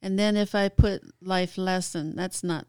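A woman recounts her own story in easy conversation, often stopping on fillers and laughing between phrases. Her voice is smooth and clear, and the recording is dry and close. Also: fairly low pitch, steady tone, a little slow, mellow, no echo. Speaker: guest. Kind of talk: casual storytelling.

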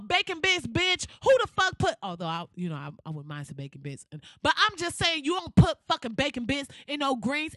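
A woman's voice: sits high, pushed and bright, no room sound, clean studio sound. A woman ranting in exasperated, profane comic style with rhetorical questions. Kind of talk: comedic rant.

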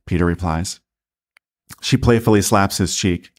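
A man, a priest, narrating a sermon as a slow, deliberate story. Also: low-pitched.

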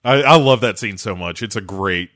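A man's voice: lowish voice, moderate pace, no room sound, studio quality. Man animatedly recapping a TV episode. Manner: animated retelling, acting out characters' lines; swears freely. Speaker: podcast co-host. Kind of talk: casual chat recapping a TV episode.

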